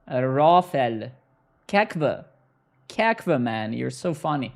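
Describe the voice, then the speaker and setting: A man's voice: medium pitch, expressive, very slow, vocal fry. A young man live-coding on stream, bantering sarcastically and swearing at his chat as he works.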